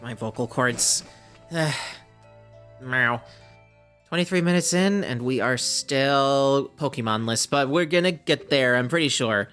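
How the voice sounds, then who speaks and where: A man's voice: medium pitch, slow, a bit bright, clear, resonant tone, soft background music. A man giving casual gameplay commentary, chatty and self-deprecating, with laughing asides. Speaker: let's play host.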